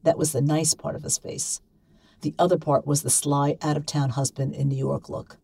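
A woman reads a short story aloud in a measured, wry voice. Her tone is low and gravelly. It sounds close and dry, as in a quiet studio. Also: little pitch movement, no echo, poor audio. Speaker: reader.

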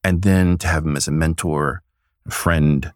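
A man talking as an interview guest, telling stories in an animated way and laughing often, on a close studio mic. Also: rumbling low, moderate pace, no room sound. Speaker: guest, comics creator. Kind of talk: casual interview storytelling.

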